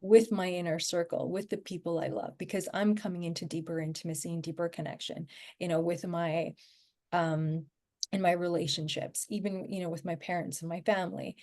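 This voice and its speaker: A woman's voice: on the low side, level tone, brisk, darkish tone. A woman talking as a podcast guest in a casual, rambling way, full of fillers and restarts. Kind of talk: casual conversational podcast chat.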